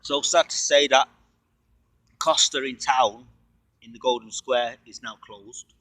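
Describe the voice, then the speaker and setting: A man's voice: mid-range voice, measured pace, a bit bright, dry recording, poor audio. A man hosting a casual livestream, rambling through playful wordplay and chatty asides, sometimes talking while eating. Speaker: livestream host.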